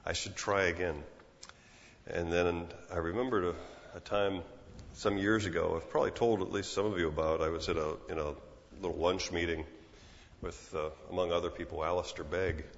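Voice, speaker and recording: A man's voice: low voice, fairly even intonation, moderate pace. A man in his sixties preaching a sermon in an earnest, conversational way, often restarting his phrases. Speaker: pastor. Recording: muffled sound with long reverb in a large hall.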